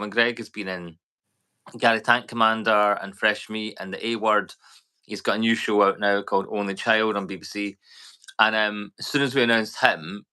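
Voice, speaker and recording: A man with a Scottish accent, co-hosting a podcast and telling rambling stories in casual chat. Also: on the low side. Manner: rambling, animated storyteller. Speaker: podcast co-host.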